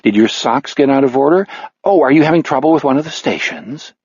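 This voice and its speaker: A man voicing a weary retired male homicide detective in an audiobook, terse and guarded, with a husky tone. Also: mid-range voice, lively intonation, a little fast, a little mellow, no echo, muffled recording, voice pushed up. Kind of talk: audiobook character voice.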